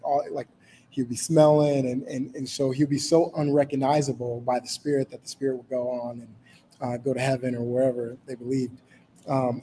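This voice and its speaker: A man's voice: medium pitch, dark tone, a little hiss or hum, poor audio. A man leading a Bible study in a casual, informal way, reading scripture aloud and rephrasing it with many fillers.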